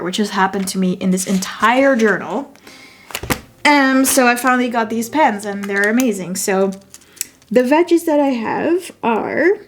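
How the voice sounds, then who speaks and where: Slow-talking Dutch-accented woman vlogger. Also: mid-range voice. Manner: chatty, thinks aloud, corrects herself. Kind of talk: casual chat while journaling.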